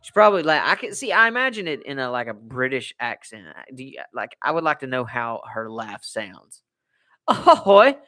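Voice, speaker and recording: An American man chats casually on a home live stream, wandering from topic to topic and repeating himself. His voice is bright and forward, and he sits close to a desk microphone. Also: medium pitch, expressive, brisk, hardly any pauses. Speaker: livestream host.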